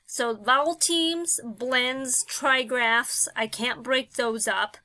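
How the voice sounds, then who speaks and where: Woman teacher, unhurried, patient phonics walkthrough, lots of ums, clear bright tone. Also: a little high, dry recording. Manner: slow and patient, thinking aloud with many fillers. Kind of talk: classroom phonics lesson.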